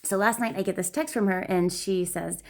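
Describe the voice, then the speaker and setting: A middle-aged woman, a mother, telling a casual family story in a chatty, animated way, acting out her daughter's lines in a high voice. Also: fairly quick.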